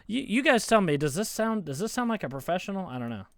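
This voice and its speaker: Fired-up football fan guy ranting into his phone, keeps stammering, smooth clear voice, dead dry sound. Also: high-pitched, sing-song, quick pace, fairly bright tone, dry recording. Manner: heated, mocking, stammers and restarts. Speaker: college football fan YouTuber. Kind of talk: casual ranting vlog.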